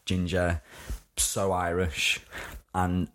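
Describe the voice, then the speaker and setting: A man's voice: low-pitched, monotone, extremely slow, a bit bright. A young man from England chatting casually, recounting school memories with frequent fillers and laughs. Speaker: guest telling school stories. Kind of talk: casual chat.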